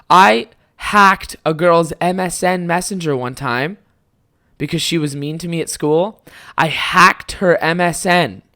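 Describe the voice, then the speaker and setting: Animated, rambling young man podcasting. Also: a little high. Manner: rambling, swears a lot, animated outbursts. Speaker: podcast host. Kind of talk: casual solo podcast storytelling.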